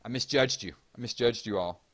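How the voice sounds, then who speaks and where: A man's voice: mid-range voice, a little fast. A man with a Southern US accent from Georgia, hosting a casual livestream and chatting as he reads out viewer comments. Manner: chatty, reads chat aloud and gives shout-outs. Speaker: livestream host.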